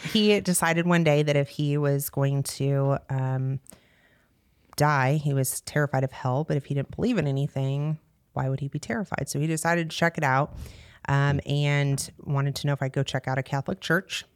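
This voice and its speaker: A woman's voice: low voice, normal speed, smooth, no room sound, clean studio sound. A woman in her thirties, a parish staff member, chatting as a podcast guest and telling her story with laughs and fillers. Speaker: guest, parish evangelization director. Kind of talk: casual podcast chat.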